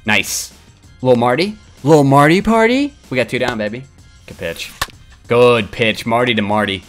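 A young man giving crude, excitable live commentary while he plays a video game, trash-talking and yelling at the screen. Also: medium pitch, unhurried, faint music behind. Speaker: gaming streamer.

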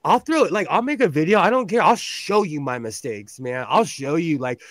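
Laughing, rambling man with a higher voice. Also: very animated, moderate pace, a bit bright, dry recording. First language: English. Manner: rambling, self-mocking, laughs often. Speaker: co-host. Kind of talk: casual chat.

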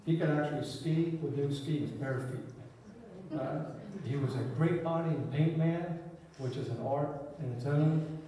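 A man's voice: a little high, measured pace, warm tone. A man giving a eulogy, telling an upbeat story about a friend and laughing through it. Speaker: eulogy speaker. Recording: echoey hall from far off.

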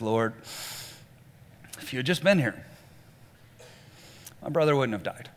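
Bright-voiced pastor preaching in a reverberant hall. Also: male voice, a little high. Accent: American Southern. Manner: conversational, rising to emphatic preaching. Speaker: lead pastor. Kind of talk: sermon.

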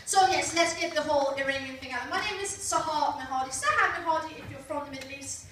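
A woman's voice: high voice, fast talker, a bit bright, distant mic, slight background noise. A woman from England performing a stand-up comedy set, chatty and wry, teasing the crowd on a comedy club stage. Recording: echoey room, voice from afar.

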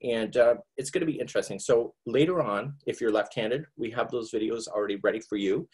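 A man's voice: fairly quick, darkish tone, husky. A middle-aged man from Nova Scotia with a Canadian accent, hosting a live online crochet class from home in a jokey, rambling way. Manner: jokey, rambling, breaks into squeaky put-on voices.

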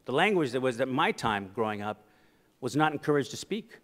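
A middle-aged man gives a keynote at a conference, spinning personal stories with humor and acting out the voices of the people in them. His voice sits at an ordinary pitch for a man. The sound carries a long hall reverb. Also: fairly quick. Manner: animated, acts out quoted voices for laughs. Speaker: keynote speaker. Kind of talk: humorous storytelling speech.

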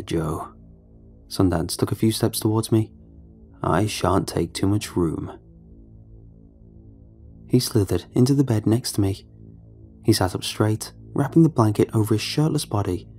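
A man giving a measured, somber scripted horror narration. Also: fairly low pitch, animated, mellow, soft background music.

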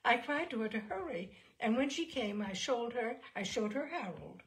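A woman reading the part of a composed young widow who calmly tells of a killing. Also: fairly high pitch, moderate pace, pitched above the performer's own voice. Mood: coolly recounting. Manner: matter-of-fact, unrepentant telling.

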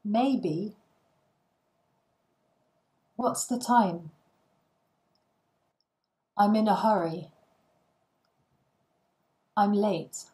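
A woman reads short phrases aloud for learners, one after another, with pauses between them. She speaks slowly and carefully, at a middle pitch. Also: a little mellow. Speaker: language learning reader. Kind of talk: slow phrase-list reading for learners.

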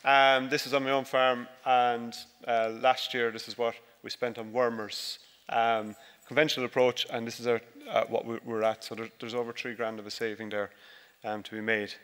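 A man delivers a relaxed, joking farming talk full of fillers and restarts. His voice is bright and crisp. Long hall reverb trails every phrase. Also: mid-range voice, moderate pace. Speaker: conference speaker, dairy farmer. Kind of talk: conference talk with slides. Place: large conference hall.

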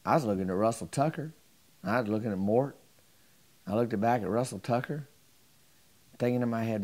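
A man telling a folksy comedic story to camera in a drawling, deadpan, chatty way. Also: mid-range voice, normal speed, long pauses.

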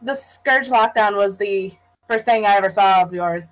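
A woman's voice: medium pitch, normal speed, poor audio. A woman chatting on a voice call, recalling her past in a hesitant way. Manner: reminiscing, hesitant. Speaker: guest. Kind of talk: casual chat.

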